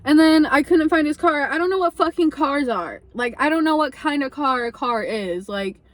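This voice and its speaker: Young woman vlogger, high voice, chatty profane storytime delivery, lots of filler "like". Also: moderate pace. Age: young adult. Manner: chatty, profane, animated, heavy use of like. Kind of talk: casual storytime vlog.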